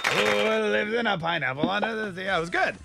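A man's voice: high voice, gravelly, a loud crowd, heavy background noise. A man hosting a morning radio show, joking playfully as he runs a call-in quiz game. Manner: joking, playful, quick-talking.

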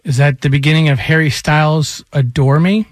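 A man's voice: on the high side, moderate pace, soft background music. A man co-hosting a radio show, telling stories animatedly in casual banter. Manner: animated storyteller, mimics voices. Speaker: radio co-host.

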